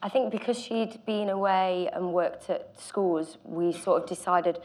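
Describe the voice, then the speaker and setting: A woman's voice: on the low side, unhurried, darkish tone, a little hiss or hum. A woman actor on a panel, speaking hesitantly with many fillers. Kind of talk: panel discussion.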